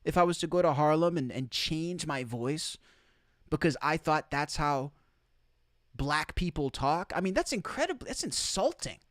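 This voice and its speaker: A man delivers an opinion commentary monologue, emphatic and incredulous, hammering points by repeating them. His pitch rises and falls with lively swings. The sound is close and dry. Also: normal speed, dry recording. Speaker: commentary host.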